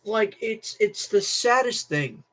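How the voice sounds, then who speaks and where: Teenage male streamer, tired, rambling rant, frequent restarts, fairly high voice. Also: lively intonation, takes it slowly, fairly bright tone. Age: teens. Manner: restless, repeats himself, many restarts. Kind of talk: casual political rant to camera.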